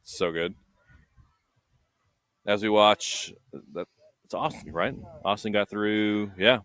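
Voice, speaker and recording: Bright-voiced joking American man. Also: on the low side, slow pace, no room sound. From United States. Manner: playful, jokey banter. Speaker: livestream co-commentator. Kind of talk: casual commentary chat.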